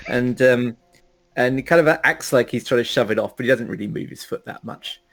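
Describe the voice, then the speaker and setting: A man's voice: mid-range voice, brisk, creaky, fairly bright tone. A man describing his character's actions in a tabletop game, rambling with many fillers. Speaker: player.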